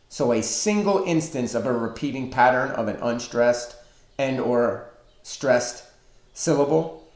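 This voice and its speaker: A man giving an online literature lecture, explaining slowly and deliberately with pauses. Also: mid-range voice, darkish tone. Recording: echoey room.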